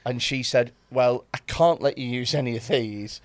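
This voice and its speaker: A man's voice: mid-range voice, normal speed, no echo. Laughing rambling man telling a story. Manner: rambling, restarts often, laughs at himself. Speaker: podcast co-host. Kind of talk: casual comedic storytelling.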